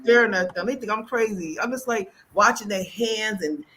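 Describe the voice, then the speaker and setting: Talk-show woman, lively storyteller, speaks, voice climbs high in quotes. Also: normal speed, background noise. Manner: animated storyteller, acts out quotes loudly. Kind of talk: casual chat.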